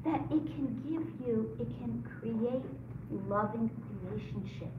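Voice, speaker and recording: A woman's voice: on the high side, measured pace, background noise. Earnest woman teaching a religious class. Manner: earnest, asks the room questions. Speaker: teacher leading a women's study group. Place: room with a group. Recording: echoey lo-fi room recording from far off.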